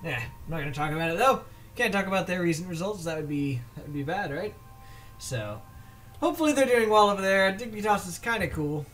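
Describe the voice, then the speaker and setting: A man's voice: high-pitched, sing-song, a little fast, a bit bright. A man casting a video game match alone, in a casual, rambling way, often stumbling over player names. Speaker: esports shoutcaster. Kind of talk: solo video game commentary.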